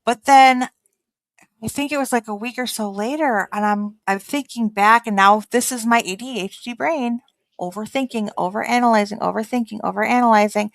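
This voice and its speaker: A woman chatting casually, telling a story with lively acted-out quotes and frequent laughter. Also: on the high side, normal speed, dry recording. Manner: animated, acts out quotes, laughs often. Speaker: podcast host.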